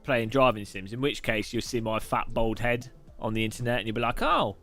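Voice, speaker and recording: A man's voice: fairly low pitch, little pitch movement, brisk, a bit bright, soft background music. A man from the UK hosting a live stream, answering questions while racing, with joking, irreverent chatter.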